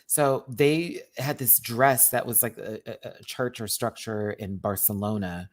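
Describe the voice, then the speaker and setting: Guy from texas, bit of a southern twang, excitable reviewer ranting, says stuff over and over. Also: lowish voice, measured pace. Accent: light Southern US twang. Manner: animated, exclaiming, repeats words for emphasis. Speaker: drag show reviewer. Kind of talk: casual video review rant.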